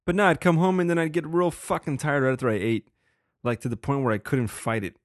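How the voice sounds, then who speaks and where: A man's voice: a little high, steady tone, a little fast, no room sound, studio quality. A young man hosting a casual solo podcast, rambling with lots of swearing and laughing. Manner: profane, rambling, laughs often. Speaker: podcast host.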